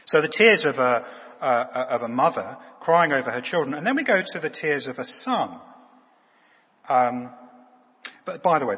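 A man preaching a sermon who repeats his words haltingly and drops to a soft, low voice. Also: breathy edge, in a large hall.

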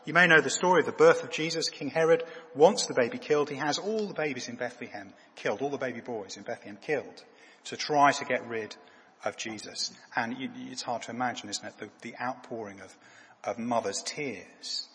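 A man delivers a sermon in a slightly husky voice, halting and repeating words before sinking into a quiet, low tone. His voice carries the long echo of a large hall. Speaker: preacher.

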